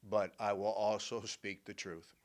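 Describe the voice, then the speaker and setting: An older man, hosting a talk show as a therapist, telling stories emphatically and swinging from hushed to loud. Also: on the low side, little pitch movement, measured pace. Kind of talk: radio-style talk monologue.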